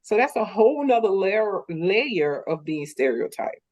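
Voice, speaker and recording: A woman raised in the Deep South with a Southern accent, earnestly explaining her view in a casual chat. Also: sing-song, measured pace, a little mellow.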